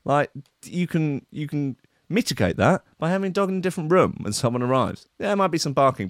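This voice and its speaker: A man's voice: fairly high pitch, no echo, clean studio sound. A man hosting a stream, reading a news story aloud and breaking in with sarcastic, incredulous asides. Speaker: stream host.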